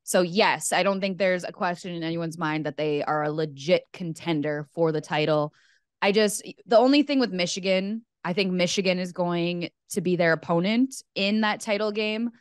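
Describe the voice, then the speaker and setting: Woman cohost talking hockey, smooth clear voice, a bit low, matter-of-fact. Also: steady tone, normal speed, dry recording, clean studio sound. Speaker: podcast co-host. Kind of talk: casual sports chat.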